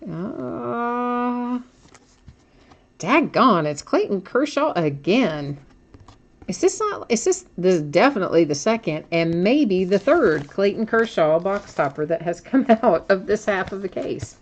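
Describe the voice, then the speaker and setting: A woman's voice: mid-range voice, sing-song, moderate pace. A woman hosting a live trading card break, chatting and thinking aloud with frequent small laughs as she opens packs.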